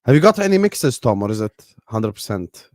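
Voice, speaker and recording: A man with a lowish, slightly fast voice hosts a football watchalong, trading casual, emphatic, joking banter with his co-host and laughing along. The recording is clean studio quality with no echo.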